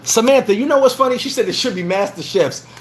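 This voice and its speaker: A man's voice: extremely high pitch, quick pace, slight background noise. A man hosting a casual livestream vlog and telling stories, acting out the lines he quotes. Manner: animated storytelling, acts out quoted lines. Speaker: vlog host. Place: bar in the Dominican Republic.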